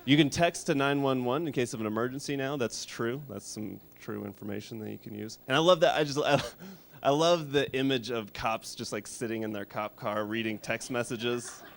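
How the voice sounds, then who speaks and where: A man in his thirties from Colorado doing a stand-up set, delivering dark, absurd one-liners in a deadpan way. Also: mid-range voice, moderate pace, vocal fry. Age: 30s. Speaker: stand-up comedian. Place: small studio.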